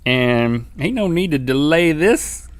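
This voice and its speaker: Playful man with a lively, bouncy voice. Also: on the high side, slow, no echo. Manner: playful, exaggerated excitement. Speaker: co-host. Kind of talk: comedic food-tasting banter.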